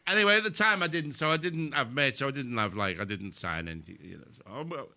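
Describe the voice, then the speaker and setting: Bright-voiced older man telling stories. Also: mid-range voice, expressive, fast. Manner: sweary anecdotal storyteller, laughing as he tells it. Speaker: comedian and podcast co-host. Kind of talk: live podcast storytelling. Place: live venue with audience.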